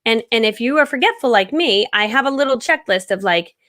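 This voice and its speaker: A woman in her thirties hosting a live-stream coaching session, talking casually, loudly and energetically and laughing often. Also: a little high, animated, brisk.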